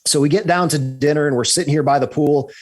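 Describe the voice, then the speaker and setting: A man, a guest on a podcast, telling a story in a lively way, often checking in with "right?" and restarting his sentences. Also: on the high side, fast. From United States. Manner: animated, repeats "right?" and restarts. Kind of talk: storytelling in an interview.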